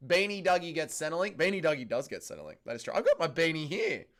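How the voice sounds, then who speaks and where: A man with an Australian accent hosting a casual livestream, ranting in a profane, excitable way. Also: on the high side, fast, soft background music. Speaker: livestream host.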